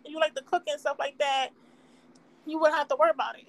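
A young woman talks in a high, bright voice, chatty and easygoing. She strings her thoughts together with "like" and "you know," laughing as she goes. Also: fairly even intonation, fast, poor audio. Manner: chatty, laughs often, lots of "like". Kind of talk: casual chat.

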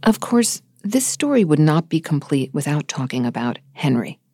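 Very low-voiced woman hosting. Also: sing-song, moderate pace, warm tone, no echo, clean studio sound, faint music behind. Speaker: podcast host. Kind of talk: reflective interview and narration.

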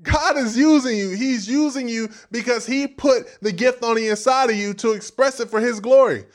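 A man with a high voice and delivers a sermon with big swings in volume and emphasis. He drops to near-whispers for asides, then punches key lines hard. He also acts out other people's voices as he preaches. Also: moderate pace. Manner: animated preaching, dramatic swings between soft and loud.

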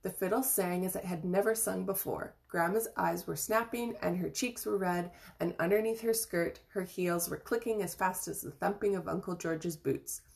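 Woman storybook reader, lowish pitch with gravelly fry, calm and steady read-aloud pace. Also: normal speed, hardly any pauses. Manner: gentle, even reading with small slips and restarts. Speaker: reader of an audiobook chapter.

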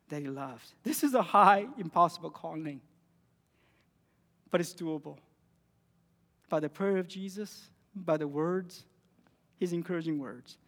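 A man with a high voice preaches a sermon, pressing points with rising emphasis and then sinking to near-quiet lines. The sound carries a long reverb from a large church hall. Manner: earnest, rising emphatic phrases with quiet drops.

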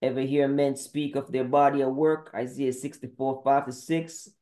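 A male podcast preacher with a mid-range, dark voice keeps a level tone at a moderate pace. He preaches a sermon monologue packed with clipped, confrontational Bible verse citations.

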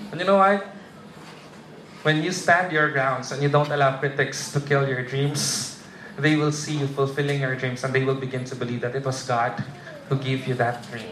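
A Filipino man preaching a lively sermon as a pastor, often asking the congregation if they are with him. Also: medium pitch, noisy background. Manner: animated, audience-prompting, humorous. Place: church. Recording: echoey church hall with congregation.

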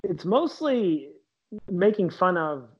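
A man's voice: high voice, very animated, slow, breathy edge. A man, a comedian, talking casually and enthusiastically in an interview. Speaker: comedian guest. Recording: dull lo-fi sound.

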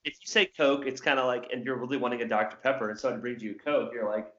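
A man's voice: mid-range voice, fairly even intonation, fast, bright, forceful tone. Chatty man in his thirties, roomy sound. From Southern Indiana, USA. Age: 30s. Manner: chatty, rambling, many filler words. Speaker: guest, former English teacher. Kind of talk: casual conversation. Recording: roomy, slightly dull sound.

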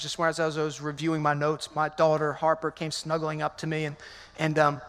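A male pastor giving a lively, conversational sermon, calling out to the congregation in a large church sanctuary. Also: on the high side, brisk, smooth, faint music behind. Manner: energetic, conversational, calls out to the congregation. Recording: long hall reverb in a church.

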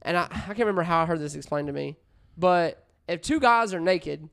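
A man's voice: on the high side, lively intonation, fairly quick, creaky, a bit bright, smooth. A man co-hosting a podcast, trading crude jokes in casual banter. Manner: crude, joking, often breaks into laughter. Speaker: podcast co-host.

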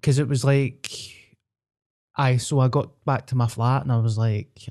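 A young Glaswegian man co-hosts a podcast, spinning a sweary, self-mocking story. His voice sits dark and mellow. He talks loosely and casually. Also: mid-range voice, fairly even intonation, unhurried. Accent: Scottish, Glasgow. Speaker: podcast co-host. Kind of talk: casual chat.

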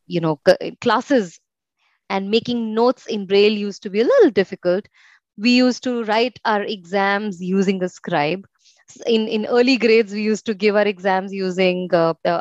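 A young woman from India speaks as an interview guest and recalls her story in a reflective way, with many pauses and fillers. The recording sounds dry and a little muffled, with no room echo. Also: mid-range voice. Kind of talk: casual conversational interview.

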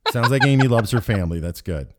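A man's voice: mid-range voice, animated, fast, background noise. Teasing male podcast host on a call. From Kansas City area. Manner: teasing, asks would-you-rather questions. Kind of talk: casual chat over a video call. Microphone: video call.

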